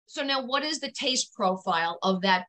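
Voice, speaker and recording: Give me a bright, animated woman with a New York accent, a guest teasing the hosts over a video call. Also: on the high side, normal speed. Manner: lively, teasing questions. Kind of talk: casual chat.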